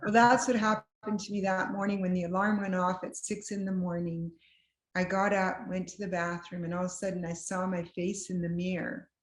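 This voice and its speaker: A woman guest telling a personal story with lively, self-deprecating humor, acting out what people said. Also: on the low side, normal speed. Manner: acts out quoted dialogue. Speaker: guest sharing a personal testimony. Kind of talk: conversational storytelling. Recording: roomy echo.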